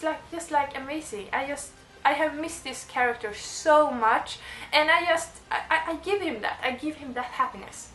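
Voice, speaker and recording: A woman's voice: sits high, bright, forceful tone, reverberant, a little hiss or hum. A young woman vlogging to camera, gushing and rambling with lots of restarts. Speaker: book vlogger. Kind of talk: casual monologue to camera.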